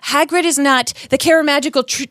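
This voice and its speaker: A woman's voice: high-pitched, fairly even intonation, fairly quick, fairly bright tone, no echo. A woman co-hosting a podcast, chatting casually while recapping a book chapter and laughing often. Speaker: podcast co-host.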